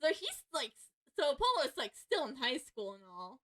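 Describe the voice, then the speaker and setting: A chatty, excitable woman streaming a video game live. Her high voice is bright and swoops up and down her range as she reacts to the game. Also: normal speed. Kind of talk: live game let's play commentary.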